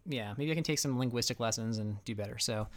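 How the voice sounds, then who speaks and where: A man co-hosting a casual podcast chat, playful and quick to laugh. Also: mid-range voice. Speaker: podcast co-host.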